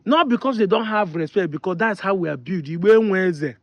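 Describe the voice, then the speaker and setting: A Nigerian man talks straight to his audience in a high voice, hammering home each point with insistent repetition. The sound is close and dry, with a slightly dull, lo-fi quality. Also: animated, a little fast, dry recording. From Delta State, Nigeria. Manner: emphatic, insistent, repeats points. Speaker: online commentator. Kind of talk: opinion monologue to camera.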